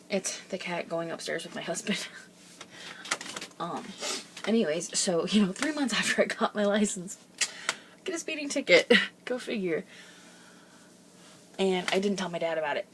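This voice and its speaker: Young woman vlogger, lowish voice, rambling and chatty, laughs through her stories, recorded at home. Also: a little hiss or hum. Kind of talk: casual storytelling.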